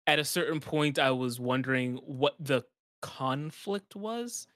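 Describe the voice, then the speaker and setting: A man's voice: mid-range voice, expressive, measured pace, fairly bright tone, no echo, clean studio sound. Meandering casual man. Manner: meandering, loses his thread. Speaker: podcast co-host. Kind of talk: casual chat.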